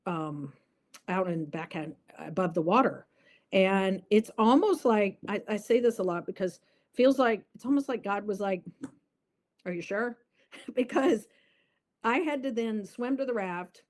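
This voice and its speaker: A woman's voice: mid-range voice, a little mellow. A woman guest in an interview, telling a personal story earnestly and vividly, with many fillers.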